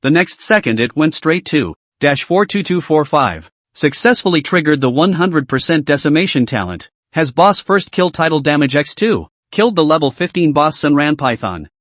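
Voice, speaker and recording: Expressive male story-recap narrator. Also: on the high side, normal speed, no echo. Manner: steady read-aloud delivery.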